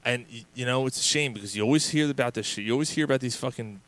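A man co-hosting a casual sports podcast, telling stories in an animated, profane way with many restarts. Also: mid-range voice, racing. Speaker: podcast co-host.

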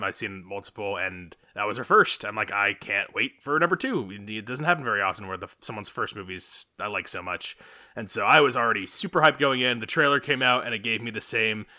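A man with a bright, forward voice co-hosts a casual movie podcast. He talks in an animated way, throwing in quick asides and the odd swear. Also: lowish voice. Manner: animated, quick asides, swears, mimics others in quoted bits. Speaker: podcast co-host. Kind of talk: casual movie review chat.

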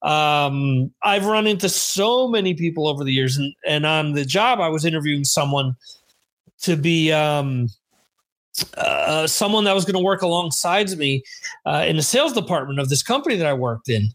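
A chatty American man hosts a relaxed podcast conversation, his speaking voice sitting noticeably high for a man. He rambles through anecdotes, stopping to correct himself and add asides as he goes. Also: normal speed. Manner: chatty storyteller with many asides. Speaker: podcast host. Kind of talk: casual podcast chat.

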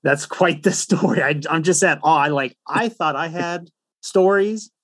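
A man's voice: a little high, a little slow, a bit bright, dry recording. A man hosting a casual interview, laid-back and laughing easily, calling his guest "dude.". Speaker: podcast host.

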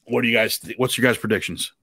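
A man's voice: medium pitch, fast, vocal fry, pushed and bright, slightly rough, no echo. A man hosting a casual podcast over a video call, laughing often and putting questions to his guests. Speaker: podcast host. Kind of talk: casual chat.

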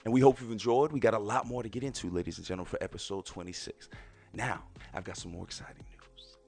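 A man's voice: fairly low pitch, fast, gravelly, breathy edge, faint music behind. A man in his thirties hosting a podcast, talking casually and emphatically to his listeners and repeating his phrases for effect. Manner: emphatic and repetitive, often addressing ladies and gentlemen. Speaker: podcast host.

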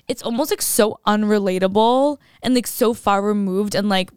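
Young woman podcast cohost, smooth voice, dry close mic, super chatty. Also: medium pitch, normal speed, hardly any pauses, dry recording. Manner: chatty, lots of "like", animated when retelling scenes. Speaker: podcast co-host. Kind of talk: casual chat.

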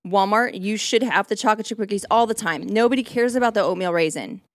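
A woman co-hosting a podcast, telling a story as an animated, casual rant. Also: mid-range voice, quick pace, dry recording, clean studio sound. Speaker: podcast co-host.

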